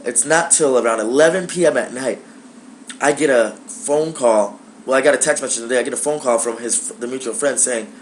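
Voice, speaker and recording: Young male vlogger, casual and profane, animated storytelling, mid pitch. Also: a little fast, slight background noise. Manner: animated, profane, acts out dialogue. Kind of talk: casual personal storytelling to camera.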